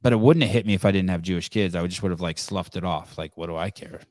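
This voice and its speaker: A man's voice: sits low, fast talker, darkish tone, no room sound. A man hosting a call-in podcast, talking casually with many restarts and repeated words. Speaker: podcast host.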